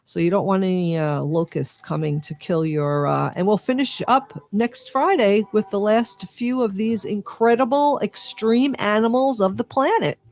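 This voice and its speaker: A woman's voice: mid-range voice, normal speed, hardly any pauses, darkish tone, no room sound. A woman with a New York accent, co-hosting a radio show and chattily reading animal facts aloud, now and then losing her place. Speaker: radio co-host.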